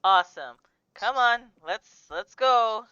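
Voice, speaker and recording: A woman's voice: fairly high pitch, lively intonation, slow, bright, forceful tone, clear, resonant tone, dry recording, muffled recording. A woman playing a tabletop game, chatting casually and upbeat. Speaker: player.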